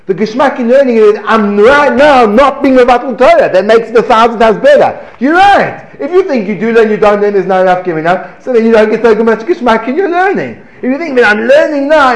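A man giving a lively Torah class, asking rhetorical questions, breaking off mid-phrase and chuckling as he teaches. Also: very high voice, normal speed. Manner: animated, rhetorical questions, self-interrupting and chuckling. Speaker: religious teacher. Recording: echoey room.

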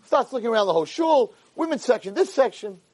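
A man telling a story in a lecture, animated and acting out the characters' voices. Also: very high voice, quick pace, husky.

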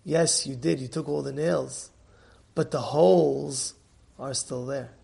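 A man voicing a soft-spoken, hurt wife. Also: mid-range voice, fairly even intonation, slow pace, creaky, voice pushed down. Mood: quiet, pointed. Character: hurt but patient wife, middle-aged woman.

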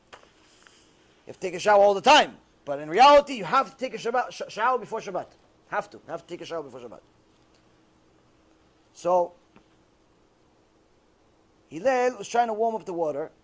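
High-voiced man teaching with animated stories. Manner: animated, acts out scenes. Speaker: Torah teacher. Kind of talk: religious lecture with storytelling.

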